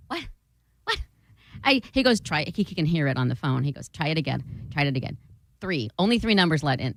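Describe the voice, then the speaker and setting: A young woman telling a story in a casual chat, animated and swearing, acting out what people said. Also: fairly low pitch, a little fast, no echo. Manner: animated, swearing, acts out quotes.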